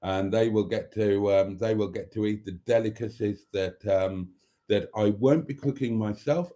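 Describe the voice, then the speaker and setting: A man's voice: lowish voice, moderate pace, warm tone. A man hosting his own channel, talking casually and ramblingly to his viewers in a camp, fond way, sitting at a table indoors. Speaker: channel host.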